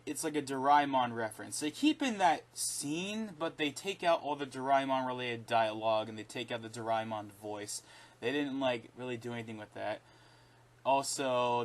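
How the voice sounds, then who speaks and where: A man giving a casual, opinionated spoken review, rambling and often correcting himself mid-sentence. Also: mid-range voice. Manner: rambling, with frequent restarts and self-corrections; animated and opinionated, laughing between points. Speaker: video reviewer.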